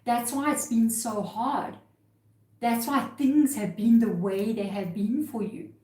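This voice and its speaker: A woman's voice: on the high side, takes it slowly, darkish tone, echoey room, poor audio. A woman giving a live tarot reading, talking earnestly and emotionally about spirit guides and cards. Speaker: tarot reader.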